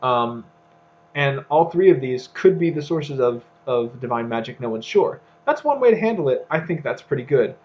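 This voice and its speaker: A man co-hosts a casual talk, working his ideas out as he speaks, full of restarts and fillers. His recording sounds dull and lo-fi, with a middling pitch. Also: lively intonation, normal speed. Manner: rambling, thinks aloud with fillers and restarts. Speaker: podcast co-host. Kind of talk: casual discussion.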